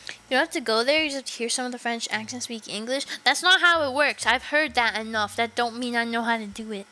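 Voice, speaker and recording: A woman's voice: fairly high pitch, fast, sharp tone. A woman from Canada, a streamer giving casual gameplay commentary in a blunt, joking way with swearing.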